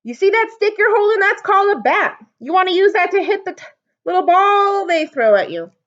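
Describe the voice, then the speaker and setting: A wisecracking young peanut vendor, as a woman puts him on, hollering his dry teasing up into a raised, bright voice. The storybook reading comes through lo-fi sound. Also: very high voice, big pitch swings, fairly quick, voice pushed up, full character voice.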